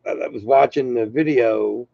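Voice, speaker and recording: A man's voice: medium pitch, moderate pace, vocal fry, dry recording. An older man hosting his own channel, talking in a loose, rambling, self-deprecating monologue. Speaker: channel host. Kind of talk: casual unscripted monologue. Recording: dull lo-fi sound.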